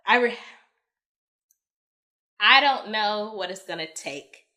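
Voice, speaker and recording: A woman's voice: mid-range voice, animated, slow, long pauses, pushed and bright. A woman giving a casual, emotional spoiler review of a movie, sighing and exclaiming as she talks.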